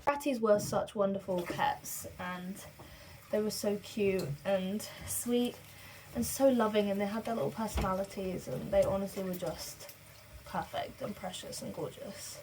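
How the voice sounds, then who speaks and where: Soft-spoken young woman keeping a diary. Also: medium pitch, fairly even intonation, normal speed, background noise. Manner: soft, heartfelt, rambling. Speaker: vlogger. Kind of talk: casual video diary. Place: home room with pet enclosure.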